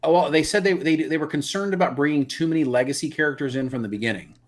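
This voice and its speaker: A man co-hosting a live review podcast, chatting casually and getting animated as he makes his points. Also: on the high side, fast talker. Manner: animated, opinionated, repeats words when excited. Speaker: podcast co-host.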